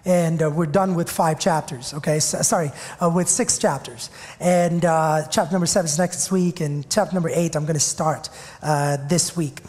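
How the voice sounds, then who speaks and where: A man's voice: a little high, fairly even intonation, normal speed, darkish tone, long reverb tail. A man in his thirties preaching a sermon as pastor, telling a personal story in a conversational, self-deprecating way.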